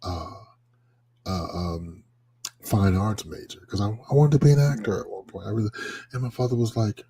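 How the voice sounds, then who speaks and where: A man co-hosting a live talk show in casual banter. He talks in an animated way, swears freely and laughs often. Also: lowish voice, normal speed, slight background noise. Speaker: co-host.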